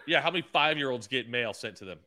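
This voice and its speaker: A man's voice: mid-range voice, expressive, fast, bright, forceful tone, no echo. A man co-hosting a casual podcast, telling rambling stories and acting out what people said, with stammers and restarts. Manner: rambling storyteller, acts out quotes with stammers. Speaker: podcast co-host.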